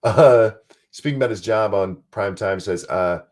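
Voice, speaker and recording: A man's voice: fairly low pitch, measured pace, a little mellow. A man hosting a live stream, reading news articles aloud and ranting about them with sarcasm and profanity.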